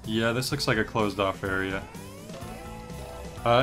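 A man's voice: lowish voice, fairly even intonation, a little slow, pauses often, over music. A young man chatting casually while streaming a game, rambling with lots of filler words. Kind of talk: relaxed gameplay stream chat.

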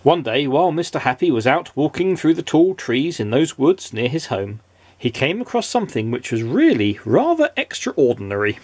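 A man's voice: medium pitch, sing-song, normal speed, a little mellow, no room sound. A father reading a children's story aloud in a playful, sing-song way.

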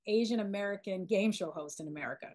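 A woman in her forties from Philadelphia, a documentary filmmaker being interviewed, talking in an animated way with many restarts and fillers. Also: mid-range voice, fast. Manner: animated, lots of restarts and "you know". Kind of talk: casual interview storytelling.

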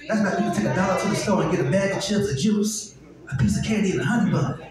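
A man in his forties with a Detroit accent doing a loose, profane stand-up set in a live club, swinging from low mutters to loud shouts. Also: racing, music in the background. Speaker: stand-up comedian. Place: live comedy club stage. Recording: echoey club room, distant, crowd laughter.

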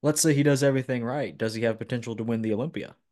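A man's voice: mid-range voice, rapid-fire, a little mellow. Man hosting a podcast interview. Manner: brief backchannels and probing questions. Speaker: podcast host.

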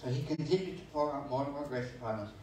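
A man's voice: medium pitch, fast, a little mellow, slight background noise. A man preaching a sermon as pastor, folksy and conversational, telling stories and reading scripture with many restarts and asides. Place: church sanctuary. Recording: echoey church sanctuary from far off.

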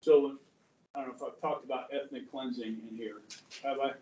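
A man's voice: medium pitch, steady tone, fast, darkish tone, muffled recording, a little hiss or hum. Man lecturing in a roomy classroom. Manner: conversational, asks the class questions, acts out quotes. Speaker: history teacher. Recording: roomy classroom audio from far off.

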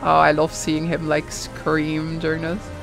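A young woman streaming a video game, reacting with loud, playful outrage and frequent yelling and laughter. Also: low voice, completely flat delivery, unhurried, gravelly, soft background music.

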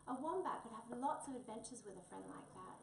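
A woman reads a children's story aloud in an expressive, lilting way, her voice sitting fairly high. She sounds set back from the mic in an echoey room, with a faint background hum. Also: fairly quick, distant mic.

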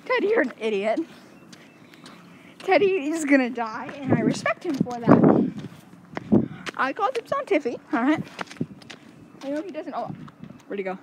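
Excitable joking vlogger on the street. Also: female voice, high voice, moderate pace, pauses often. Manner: excitable, joking, often shouting and laughing. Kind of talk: casual outdoor vlog. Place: outdoors on a street. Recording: outdoor mic with loud street noise.

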